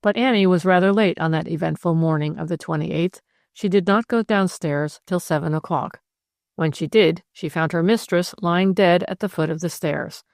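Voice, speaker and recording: A woman narrates a classic mystery audiobook with a measured, even reading. Her voice sits on the lower side. The recording is dry and close. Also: gravelly, no echo. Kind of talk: scripted narration.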